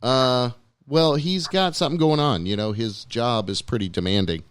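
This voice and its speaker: A man's voice: medium pitch, normal speed, clear, resonant tone, dry recording. Rambling, loose podcast host man. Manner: loose, rambling, self-deprecating. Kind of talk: casual talk show chat. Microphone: studio mic.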